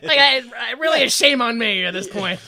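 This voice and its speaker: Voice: mid-range voice, lively intonation, fairly quick, vocal fry, bright, forceful tone. A podcast co-host recapping a movie in casual comedic chat, rambling and profane, laughing often.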